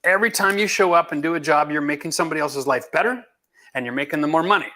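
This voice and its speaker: A man's voice: fairly high pitch, quick pace, bright, forceful tone. A middle-aged man from Canada, a home renovation host answering viewer questions in a blunt, emphatic, folksy way. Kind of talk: live Q&A chat.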